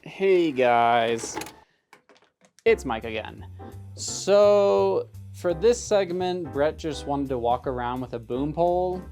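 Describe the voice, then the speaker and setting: A producer introducing a segment in a wry, offhand way. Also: male voice, fairly high pitch, expressive, takes it slowly, over music.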